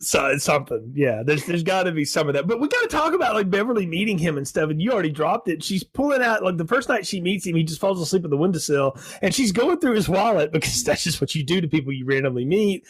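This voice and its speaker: A husky man chats on a podcast. His voice sits a bit high and sounds close and dry. He tells stories animatedly and laughs often. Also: no room sound. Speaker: podcast co-host. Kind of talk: casual chat.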